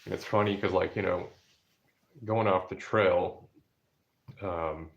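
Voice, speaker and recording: A man's voice: low-pitched, steady tone, slow, creaky. A man chatting casually about outdoor trips and family, rambling with many fillers and restarts. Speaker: outdoor vlogger. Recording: dull lo-fi recording.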